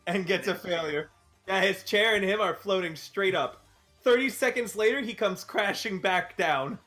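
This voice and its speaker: A man's voice: high-pitched, normal speed, sharp tone, soft background music. A man narrating a tabletop game as game master, playful and often laughing.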